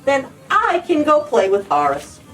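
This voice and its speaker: A woman voicing a giggly, excitable little pig with a squealing voice in a storybook reading. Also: high voice, unhurried, far from the mic, soft background music, voice pushed up, full character voice. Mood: excited.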